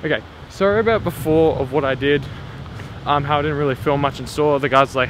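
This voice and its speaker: This young man's voice sits on the high side, fairly bright, at a moderate pace. He vlogs casually through city streets, a station and a park using a camera on a small tripod, laughing frequently and cursing a lot over clear street noise.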